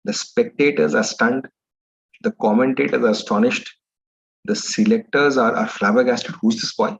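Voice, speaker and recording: A man's voice: medium pitch, fairly even intonation, moderate pace, gravelly. A man with an Indian English accent giving a motivational talk, telling an anecdote in a rambling, conversational way. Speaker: motivational speaker. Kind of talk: storytelling lecture. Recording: dull lo-fi recording.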